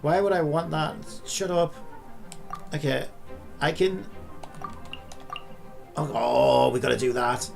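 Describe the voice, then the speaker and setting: A man's voice: fairly high pitch, unhurried, vocal fry, long pauses, faint music behind. A man commentating live gameplay, frustrated and swearing often, ranting at the game. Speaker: gaming streamer.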